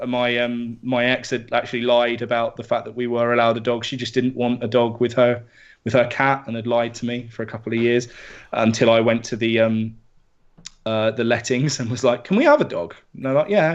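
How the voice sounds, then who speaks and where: A man's voice: medium pitch, brisk. Sweary man on a lo-fi podcast. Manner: sweary, animated and emotional about his dog. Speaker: podcast co-host. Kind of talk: casual chat. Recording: dull lo-fi podcast audio.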